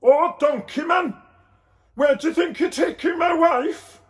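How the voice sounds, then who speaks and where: A man voicing Joseph, a frantic, exasperated husband who yelps in high outbursts. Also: a little slow.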